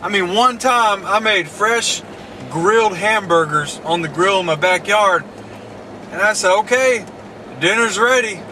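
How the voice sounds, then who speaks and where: Here the Mississippi vlog host speaks in a high-pitched, pushed and bright voice at a measured pace. He keeps up folksy, joking chatter from inside a car rolling through town, with road noise underneath.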